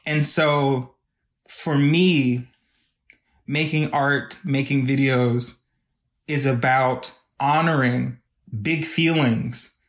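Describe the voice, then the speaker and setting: A man's voice: mid-range voice, steady tone, extremely slow. A man speaking as a podcast guest who makes videos. He talks in an earnest, reflective way and is openly emotional. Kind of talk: casual podcast conversation.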